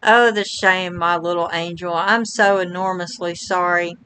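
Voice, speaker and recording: Woman voicing a flowery young street magician, bright tone, unhurried gushing lines. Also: lowish voice, fairly even intonation, a little hiss or hum, low-quality recording. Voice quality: flowery, overly sweet manner. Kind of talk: reading game dialogue aloud.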